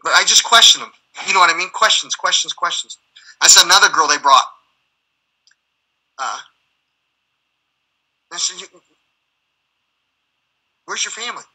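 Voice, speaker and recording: A man's voice: sits high, moderate pace, long pauses, pushed and bright, husky, poor audio. A man, a military veteran, telling rambling stories as a guest in conversation, swearing and acting out the dialogue as he goes. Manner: profane, heated, acts out dialogue.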